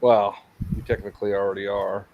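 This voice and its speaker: A man's voice: fairly low pitch, flat delivery, brisk, vocal fry, lo-fi sound. Rambling male livestream host. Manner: rambling, restarts and jokey asides. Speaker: show host. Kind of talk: casual livestream chat.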